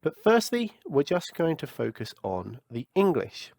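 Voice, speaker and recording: A man with a slightly high voice leads a software tutorial. He explains things step by step in a clear, instructive manner. The sound is dry and close, with little room echo. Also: huge pitch swings, unhurried. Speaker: tech tutorial host.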